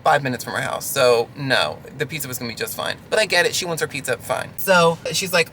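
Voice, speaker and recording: A man's voice: on the high side, fast, few pauses, sharp tone, a little hiss or hum. A delivery driver venting through a ranting storytime vlog from his car, sarcastic and exasperated.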